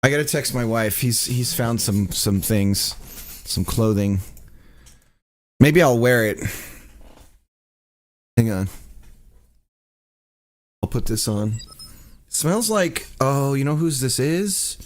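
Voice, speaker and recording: A man's voice: mid-range voice, expressive, slow pace, long pauses. A man in his thirties, chatting casually and joking as he streams a game. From United States. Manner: chatty, jokey, laughs often. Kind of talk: casual gameplay commentary.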